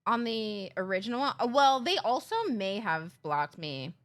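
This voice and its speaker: A woman's voice: mid-range voice, animated, moderate pace. A woman live streamer talking casually with her chat, ranting with sarcasm and swearing.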